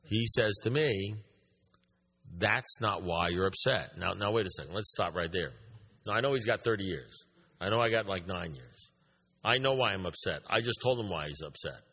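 A man with a husky, fairly low voice tells a story to a group in an echoey meeting hall. He drives his points home by repeating them and firing questions at the listeners, with a long reverb trailing each phrase. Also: expressive, brisk, bright, forceful tone. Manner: emphatic, repeats points, asks the room questions. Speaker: recovery meeting speaker.

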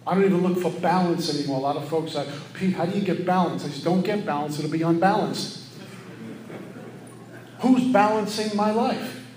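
A middle-aged man giving an earnest, preachy share at a recovery meeting, often acting out his own thoughts in quick asides. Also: high voice, darkish tone, slight background noise. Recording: echoey room with faint ambience.

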